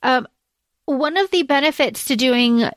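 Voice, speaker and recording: Brief: enthusiastic woman co-host, somewhat high voice, dry close sound. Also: a little slow, no echo. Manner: enthusiastic, gushing. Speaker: podcast co-host. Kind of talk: casual chat.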